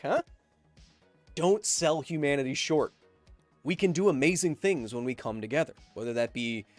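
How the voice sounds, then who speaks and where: A man hosting a casual livestream, reading out viewer donations and answering them with playful, self-mocking jokes. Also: on the high side.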